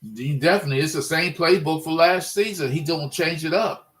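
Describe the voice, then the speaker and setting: A man's voice: fairly high pitch, brisk, fairly bright tone, low-quality recording. A man ranting in a casual monologue, frustrated and rambling, often restarting his sentences. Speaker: sports fan vlogger.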